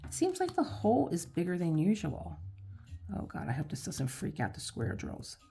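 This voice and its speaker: A woman's voice: fairly low pitch, huge pitch swings, normal speed, vocal fry, warm tone, slightly rough. A woman vlogger chatting casually to her viewers as she works on a diamond painting, rambling and talking to herself along the way. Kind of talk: casual chat while crafting.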